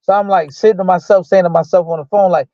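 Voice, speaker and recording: A man's voice: high-pitched, quick pace, dry recording. A man, a former boxer as a guest, casually telling a story and acting out the lines of the people in it, with loose speech full of restarts. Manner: animated retelling that acts out quoted dialogue. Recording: dull lo-fi dry sound.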